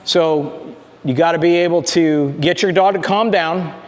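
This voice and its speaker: A man working as a dog trainer, explaining calm greetings in a plainspoken way while he talks to a dog. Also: a little high, unhurried, in a large hall. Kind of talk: casual instruction to camera.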